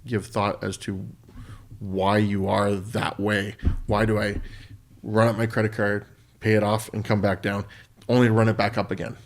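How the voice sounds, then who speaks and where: A middle-aged man co-hosting a podcast, talking in a thoughtful, halting way with restarts. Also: lowish voice, little pitch movement, slight background noise. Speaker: podcast co-host. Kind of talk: casual conversation.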